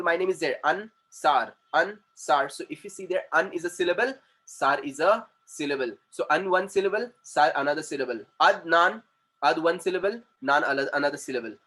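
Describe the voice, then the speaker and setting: A man with an Indian accent teaching an English lesson, who repeats words slowly and switches into Hindi to explain. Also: a little high, pushed and bright, rough recording. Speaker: communication trainer.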